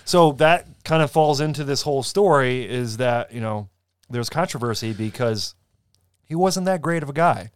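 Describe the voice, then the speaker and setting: Smooth-voiced podcast host man. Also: medium pitch, animated, no echo. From grew up in an Italian neighborhood. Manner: laughs along, quick reactions, wry asides. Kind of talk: casual chat.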